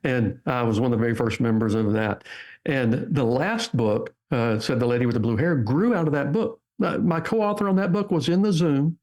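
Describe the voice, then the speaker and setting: A man's voice: medium pitch, moderate pace. An older man, a guest author, telling stories in a podcast interview and acting out the people he quotes. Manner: animated storyteller, acts out quotes. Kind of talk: interview storytelling.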